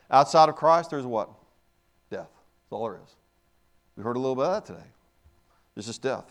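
A middle-aged man preaching with a slightly higher voice than most men. He swings between hushed asides and loud, emphatic bursts, often restarting his sentences as he goes. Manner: dynamic, swings from soft to loud, many restarts. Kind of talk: sermon.

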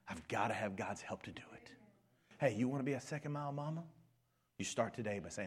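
A middle-aged male pastor preaching a sermon with passion, dropping to hushed near-whispers and rising to shouts. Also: medium pitch, animated, brisk, slightly rough.

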